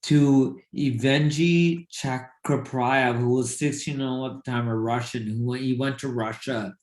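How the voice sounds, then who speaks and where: A man co-hosting a casual sports podcast, a former boxer who talks in halting bursts with many fillers and restarts. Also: medium pitch, fairly even intonation, a little mellow, echoey room.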